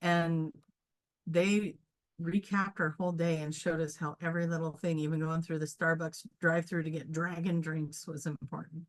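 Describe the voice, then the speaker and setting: Lower-voiced woman, earnest chat. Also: flat delivery, moderate pace. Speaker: QHHT practitioner, co-host. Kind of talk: casual chat, storytelling.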